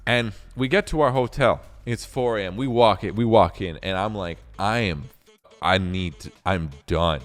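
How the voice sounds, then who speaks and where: Animated, profane young man telling a story. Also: medium pitch. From Canada. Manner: animated, profane, rambling with many fillers. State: recounting a sleepless night drive. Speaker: streamer. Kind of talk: casual storytelling.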